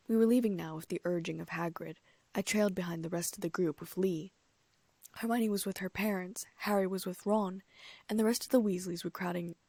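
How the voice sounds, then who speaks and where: A woman reading a first-person audiobook story in a steady way, with the odd slip and restart. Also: on the low side, creaky, no echo. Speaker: audiobook narrator.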